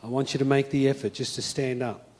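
A male pastor preaching a sermon, telling a story and then moving into a soft, hushed call to prayer. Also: medium pitch, fairly even intonation, fast talker, slight background noise. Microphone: speaking to a congregation and viewers at home.

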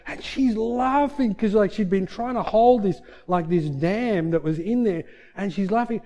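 A man preaching a sermon, telling a story in a lively, animated way that rises into loud bursts. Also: high voice, unhurried. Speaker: pastor.

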